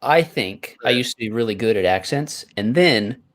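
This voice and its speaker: A wry man joining a casual stream call, quick to poke fun at himself. His voice sits at an ordinary middle pitch. He speaks in relaxed, conversational bursts. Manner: wry, self-deprecating. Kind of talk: casual group chat on a live stream.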